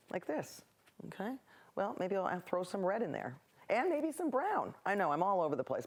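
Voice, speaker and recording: A woman's voice: lowish voice, a little mellow. A woman hosting a local TV painting show, chatting in rambling, cheerful tangents as she paints. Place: local access TV studio.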